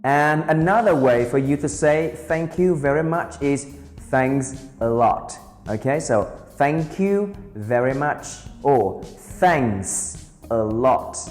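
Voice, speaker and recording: Slow, patient teacher. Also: male voice, fairly high pitch, lively intonation. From Vietnam. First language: Vietnamese. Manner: slow, careful, repeats phrases for drilling. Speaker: English teacher. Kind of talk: beginner language lesson. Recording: roomy reverberant sound with soft guitar music.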